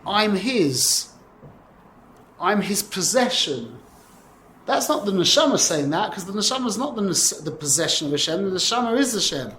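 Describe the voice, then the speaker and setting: A man with a somewhat high voice leads a Torah class, animated and quick to restart his sentences. He teaches in an echoey room with a faint murmur of ambience behind him. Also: slight background noise. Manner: animated, uses Hebrew and Yiddish terms, frequent self-corrections. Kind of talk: lively class teaching Tanya. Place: classroom with students.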